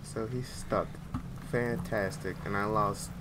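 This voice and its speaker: A woman playing a horror video game and commenting, swearing at it, swinging from low mutters to loud yells. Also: lively intonation, measured pace. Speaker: gaming video host. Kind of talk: let's play commentary. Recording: game audio noise behind.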